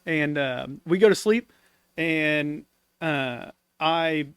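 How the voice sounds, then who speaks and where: A man telling an army story as a podcast guest, casual and animated, laughing as he goes. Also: on the high side, drawn-out words, smooth, no room sound. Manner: animated, laughs often while telling stories.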